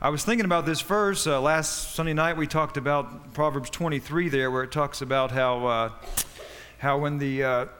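A pastor preaches a sermon, telling stories in a folksy, halting way. His voice sits a little high for a man. A long reverb hangs after his words, as in a large church. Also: fairly even intonation, a bit bright, a little hiss or hum.

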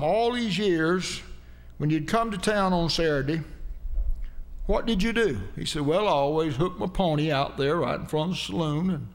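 A man preaching a folksy sermon, telling homespun stories and calling out amen to the congregation. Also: on the high side.

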